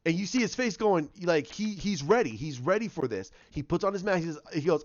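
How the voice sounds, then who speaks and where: Excitable man recapping with dull lo-fi sound. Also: sits high, a little fast, no echo. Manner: excitable storyteller acting out characters' lines. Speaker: TV episode reviewer. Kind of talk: casual episode recap.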